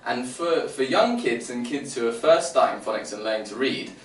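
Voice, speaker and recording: A man's voice: mid-range voice, expressive, normal speed. A man presenting phonics teaching to other teachers, sounding out letters and explaining step by step. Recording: roomy, distant mic, faint room noise.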